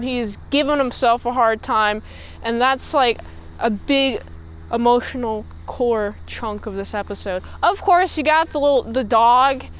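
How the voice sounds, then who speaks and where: High-voiced woman rambling through a recap. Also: smooth, low-quality recording. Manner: rambling, filler-heavy chat. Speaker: show reviewer. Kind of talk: casual episode recap.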